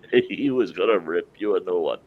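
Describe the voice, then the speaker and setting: Low-voiced guy spinning a slow folksy yarn, keeps chuckling, muffled lo-fi audio. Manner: laughs through his own story, drawls. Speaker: live-stream host. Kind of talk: folksy anecdote telling. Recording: dull lo-fi stream audio.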